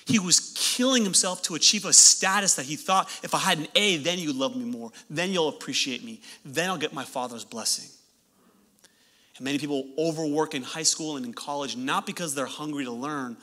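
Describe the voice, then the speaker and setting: A pastor in his thirties preaches with a very bright, forceful tone that sits a little high for a man. He delivers his sermon in an animated way, mixing earnest points with joking asides to the congregation.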